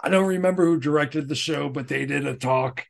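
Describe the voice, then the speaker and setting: A man's voice: on the high side, brisk, gravelly. A man co-hosting a podcast, chatting casually and telling profane, rambling stories. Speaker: podcast co-host. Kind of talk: casual chat.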